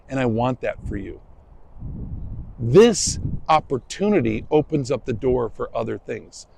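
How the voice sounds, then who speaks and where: Gravelly-voiced man preaching a sermon. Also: mid-range voice, a little mellow, poor audio. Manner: conversational, self-deprecating storytelling. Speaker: pastor. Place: church sanctuary.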